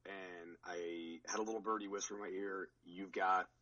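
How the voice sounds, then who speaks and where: A man's voice: sits low, steady tone, moderate pace, fairly bright tone, highs cut off. A man on a podcast recounting his powerlifting meet in a rambling, casual way, with many restarts. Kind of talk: casual chat.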